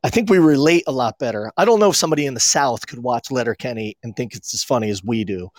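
A man's voice: mid-range voice, lively intonation, fast, no echo, studio quality. A man from Maine co-hosting a casual podcast, telling rambling stories and acting out quotes. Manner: rambling storyteller, acts out quotes. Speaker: podcast co-host. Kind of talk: casual chat.

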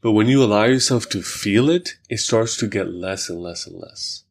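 Lower-voiced man, reflective podcast talk. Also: normal speed, creaky. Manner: reflective, many fillers, talks through examples. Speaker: podcast host. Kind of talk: casual conversation.

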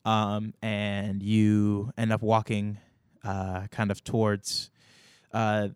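A man's voice: fairly low pitch, monotone, takes it slowly, clean tone, no echo, clean studio sound. A man narrating as game master, hesitant and full of ums and restarts.

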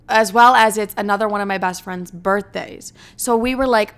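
A woman's voice: mid-range voice, fairly bright tone, clear, resonant tone. A woman hosting her own podcast, talking candidly and rambling in a casual, profane way. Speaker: podcast host. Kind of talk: casual solo podcast chat.

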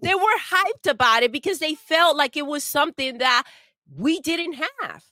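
A woman co-hosting a gaming livestream, egging her partner on with quick hype interjections and laughter. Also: sits high, animated, bright, forceful tone, no room sound, studio quality. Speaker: co-host of a gaming talk stream. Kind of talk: casual livestream banter.

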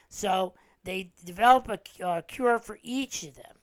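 A man's voice: sits high, measured pace, few pauses, fairly bright tone, dry recording, rough recording. A man talks through a film plot in a loose, rambling way, stumbling over restarts and fillers as he goes. His voice sounds dry and close, with no room around it. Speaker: podcast host. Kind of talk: casual movie recap.

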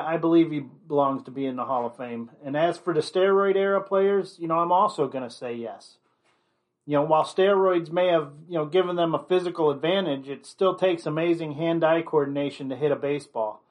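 A man giving an opinionated commentary monologue, blunt and rambling, leaning on constant "you know" fillers. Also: on the high side.

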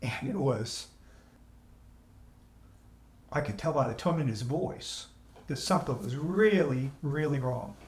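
A man's voice: medium pitch, expressive. Earnest man telling a story, echoey room. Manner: earnest, emotional, halting restarts. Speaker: podcast guest. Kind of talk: candid storytelling. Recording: echoey room, AI-salvaged audio.

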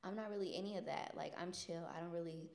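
Lower-voiced young woman, echoey room. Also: quick pace, gravelly, slight background noise. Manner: relaxed, asks questions. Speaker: discussion lead. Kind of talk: casual panel discussion. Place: garage.

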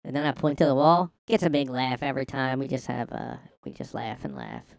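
A man's voice: mid-range voice, a little fast, creaky, dry recording, natural voice. A man putting on the voice of a boastful older woman with a Southern accent who calls people hun. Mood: folksy boastful. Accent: American Southern, put on. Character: older Southern woman proud of her sticker wall.

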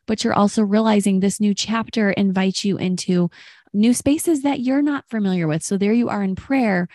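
A woman's voice: mid-range voice, normal speed, darkish tone, dry recording, clean studio sound. A woman hosting a faith conversation, reflecting back and affirming what her guest shares. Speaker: host.

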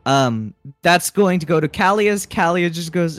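A man's voice: a little high, unhurried, a bit bright, no echo, soft background music. A man narrating a tabletop game as game master, often breaking into laughter.

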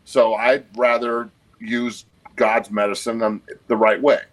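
A man's voice: mid-range voice, flat delivery, unhurried, poor audio. A man in his forties, a guest on a podcast, talking bluntly and emphatically with a lot of swearing. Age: 40s. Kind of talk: casual podcast conversation.

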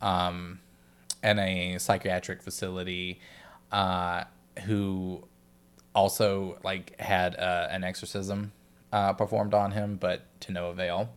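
A man's voice: low-pitched, level tone, slow pace, clean tone. A man co-hosting a podcast in casual chat, hesitant and full of restarts. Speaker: podcast co-host.

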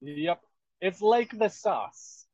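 A man's voice: sits high, lively intonation, extremely slow, darkish tone, dry recording, highs cut off. A man co-hosting a podcast, chatting casually and playfully. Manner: playful, slips into joke accents. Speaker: podcast co-host. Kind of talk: casual chat.

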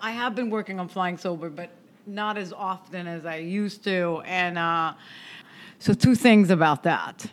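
A woman co-hosting a podcast, chatting casually and reacting with excited, swearing exclamations. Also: on the low side, measured pace, a little hiss or hum. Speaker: podcast co-host. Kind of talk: casual chat.

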